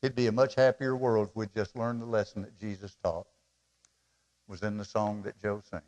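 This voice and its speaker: A middle-aged man preaching a sermon as pastor, emotional and pleading, swinging from loud appeals to soft asides. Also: on the low side, flat delivery, normal speed.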